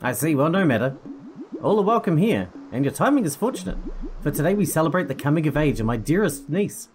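A man's voice: a little high, big pitch swings, brisk, a little mellow, soft background music. Brief: hearty, welcoming fisherman uncle, a bit scatterbrained, read by a male streamer in plain game-dialogue reading. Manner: cheerful, welcoming, slightly scatterbrained. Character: friendly middle-aged male island fisherman.

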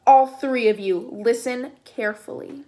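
A woman's voice: a little high, close to an everyday voice. A woman reading a commanding teenage girl. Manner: commanding, slow and forceful. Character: determined teenage girl with persuasive voice.

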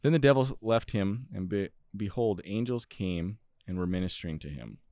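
A man co-hosting a podcast, reading scripture aloud in a steady, plain way with small stumbles. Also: fairly low pitch, normal speed, no echo. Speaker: podcast co-host.

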